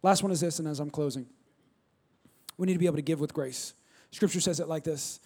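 A man preaching a sermon, swinging from loud emphatic bursts to quiet low asides. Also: a little fast, breathy edge. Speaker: pastor.

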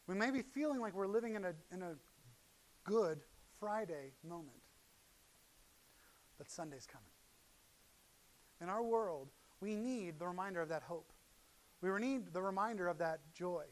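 High-voiced pastor preaching with animated swings. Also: male voice, moderate pace, long pauses. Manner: animated storytelling, acting out voices, swings from loud to hushed. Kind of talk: sermon.

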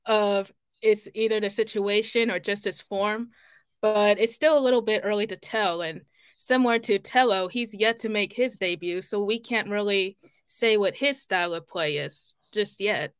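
Female panelist, smooth clear voice, dry sound, measured analysis. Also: medium pitch, no room sound. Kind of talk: casual sports talk panel.

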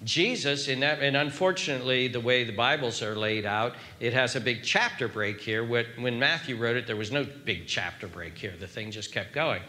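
An older man preaching a sermon, emphatic, pushing his voice up high on questions and then dropping it low. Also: normal speed, hardly any pauses, pushed and bright. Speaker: pastor.

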